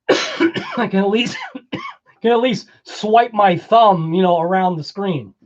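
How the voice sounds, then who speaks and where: Man, Boston accent, livestream host, chatty and rambling, slow talker, muffled audio. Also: sits high, wildly swooping pitch. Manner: chatty, laughs often, rambling explanations. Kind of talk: casual livestream chat.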